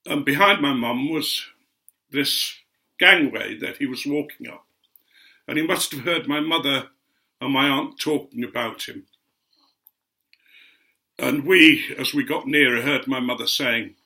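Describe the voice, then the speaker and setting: Older guy spinning a rambling yarn, crisp bright tone, average pitch. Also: measured pace, long pauses. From Otley, Yorkshire, England. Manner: chatty and meandering, with gentle asides. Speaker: guest speaker recounting memories. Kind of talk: anecdotal storytelling.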